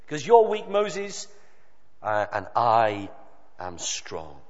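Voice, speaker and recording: A man preaching a sermon, emphatic, with dramatic pauses and voiced quotes. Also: medium pitch, wildly swooping pitch, darkish tone. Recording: dull sound with long reverb of a hall.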